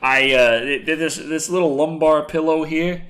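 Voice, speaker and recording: A man hosting a livestream, chatting casually and rambling with animated, laughing asides. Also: a little high, normal speed. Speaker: livestream host.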